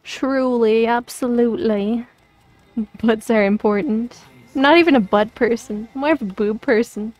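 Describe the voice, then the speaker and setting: A woman's voice: a little high, fairly quick, faint music behind. A woman streamer chatting casually while she plays a game, playful and rambling, often giggling.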